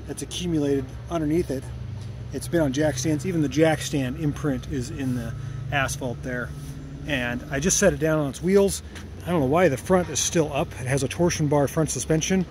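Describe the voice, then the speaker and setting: A man's voice: medium pitch, slight background noise. A man casually walking through his workshop, rambling about his car restoration and catching his own mistakes as he goes. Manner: rambling, self-correcting, fond of the cars. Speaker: car restorer and channel host. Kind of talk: casual shop walkaround vlog. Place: home workshop and driveway.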